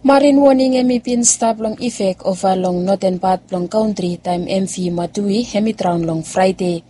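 A woman's voice: on the low side, dark tone, slight background noise. A woman with a Vanuatu Bislama accent, a news presenter reading scripted reports steadily.

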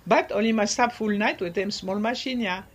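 High-voiced man. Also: a bit bright, highs cut off. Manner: halting, repeats words, slips into French. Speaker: interviewee. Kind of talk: conversational explaining.

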